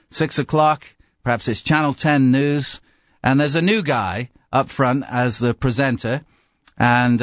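A man's voice: mid-range voice, dry recording. A middle-aged man from England with an English accent touched by an American twang, preaching a sermon in a conversational, self-deprecating way. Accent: English with a slight American twang. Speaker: pastor.

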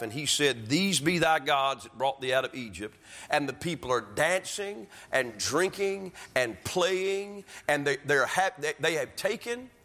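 A man preaching a sermon as pastor, building from steady teaching to impassioned pleas. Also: mid-range voice. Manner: preaching, rising to impassioned shouts. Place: church sanctuary. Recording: long hall reverb.

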